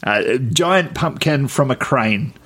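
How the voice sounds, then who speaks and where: A man co-hosting a podcast, explaining news with quick jokes and banter. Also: mid-range voice, lively intonation, fairly bright tone. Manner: jokey, quick asides and banter. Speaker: podcast co-host. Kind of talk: casual chat.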